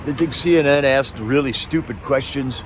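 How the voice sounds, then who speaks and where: A man's voice: medium pitch, moderate pace, background noise. A man hosting a live stream, chatting casually in a rambling, sarcastic way with many restarts.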